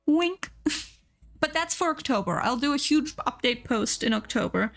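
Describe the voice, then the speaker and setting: A woman's voice: on the high side, lively intonation, normal speed, vocal fry, a bit bright, faint music behind. A woman streamer chatting casually and rambling with plenty of fillers while she draws on a live art stream. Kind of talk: casual chat while drawing.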